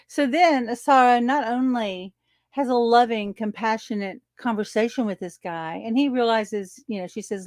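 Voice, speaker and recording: Female spiritual teacher, storytelling monologue, lively and laughing, slightly high pitch. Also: moderate pace, no room sound. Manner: animated, laughs often, acts out quoted exchanges.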